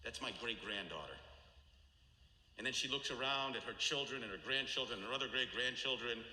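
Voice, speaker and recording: A man giving a sermon as a rabbi, telling stories dramatically and slowing and dropping his voice low for solemn moments. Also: pushed and bright. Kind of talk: sermon storytelling. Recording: echoey hall with long reverb.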